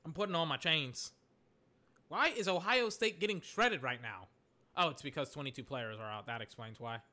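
Young guy rambling through live game reactions, high bright voice, gets all worked up and exasperated. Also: moderate pace. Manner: excitable, rambling, exasperated asides.

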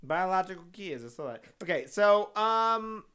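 A man's voice: high-pitched, animated, normal speed, fairly bright tone, clean tone. A man from Texas casually chatting and recapping a TV show with a co-host, swearing freely. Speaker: podcast co-host.

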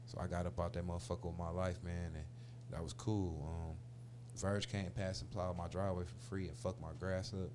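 A man's voice: low voice, a little fast, background noise. A man in his forties telling a long story in casual chat, full of slang and swearing, acting out the voices of the people in it. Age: 40s. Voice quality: profane slangy street talk, animated retellings.

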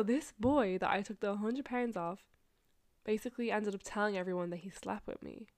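A young woman hosts a podcast and tells a story in a relaxed, chatty monologue. She speaks at a middle pitch and laughs often. She swears freely and fills her sentences with "like". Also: normal speed. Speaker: podcast host.

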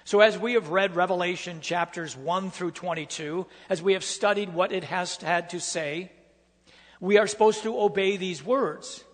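A man's voice: high voice, normal speed, big-room sound. A man preaching a sermon, reading scripture aloud with emphatic, repetitive phrasing.

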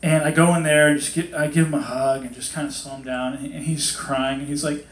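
A man preaching a casual sermon to a congregation in a hot hall, chatty and animated, acting out quotes in different voices. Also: a little high, quick pace. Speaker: pastor. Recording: echoey hall.

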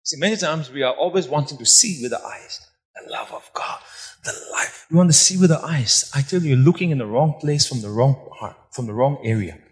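A man preaches with fervor. His voice sits fairly high for a man, and he shifts between near-whispers and loud bursts while repeating phrases. A long reverb trails his voice through a large hall. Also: fast, hardly any pauses. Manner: impassioned preaching, swinging from soft to loud, repeating phrases for emphasis. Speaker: pastor. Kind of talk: sermon.

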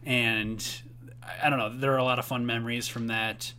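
A young man co-hosts a casual podcast, his voice bright and forward. He jokes around constantly and laughs often, throwing in quick bursts of excitement. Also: mid-range voice, clean tone. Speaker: podcast co-host. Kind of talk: casual chat.

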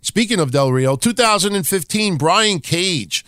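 Male podcast host, slightly higher voice, blunt and profane, dry close sound. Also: expressive, measured pace, fairly bright tone, no echo. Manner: blunt and profane, wry asides. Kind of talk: casual wrestling history talk.

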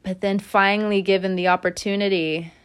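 A woman giving a casual spoken tarot reading, chatty and animated, often breaking into laughter, recorded indoors at home. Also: mid-range voice, fairly quick, clear, resonant tone. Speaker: tarot reader.

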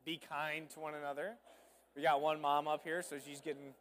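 A man's voice: a little high, flat delivery, a little fast, fairly bright tone. A male pastor preaching a sermon, reading scripture and adding humorous, conversational asides.

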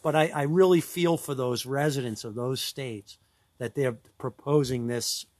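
A man's voice: medium pitch, steady tone, measured pace, a little mellow, no echo, clean studio sound. A man co-hosting a casual podcast chat, talking loosely with many restarts and frequent laughter. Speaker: podcast co-host.

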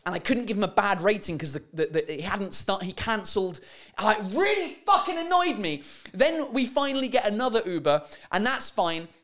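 A man's voice: sits high, expressive, brisk, few pauses, fairly bright tone. A man hosting a podcast, telling a story as an exasperated, profane comic rant. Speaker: podcast host.

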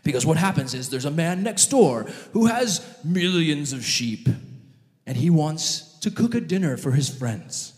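A man preaching an animated, jokey sermon, addressing his audience directly as he tells a story. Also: a little high, a little slow. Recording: long hall reverb.

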